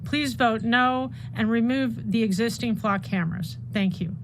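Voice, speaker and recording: A woman's voice: a little high, a little slow, noisy background. A middle-aged woman reading an earnest, emotional public comment at a county meeting. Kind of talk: public comment read over a call.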